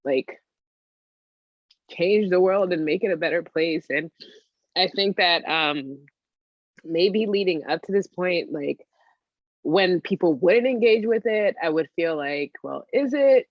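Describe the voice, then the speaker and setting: A woman coaching client, hesitant and searching for words, with many pauses and fillers. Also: fairly low pitch, no room sound, dull audio. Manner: hesitant, many ums and likes, emotional. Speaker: coaching client, joy strategist for working moms. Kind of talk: role-play then open reflection.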